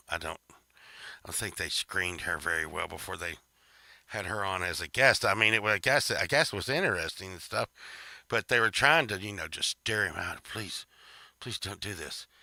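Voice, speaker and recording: A man's voice: on the low side, vocal fry, pushed and bright, no echo, studio quality. A man hosting a podcast, telling a story in a rambling, profane, casual way with laughing asides. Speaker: podcast host.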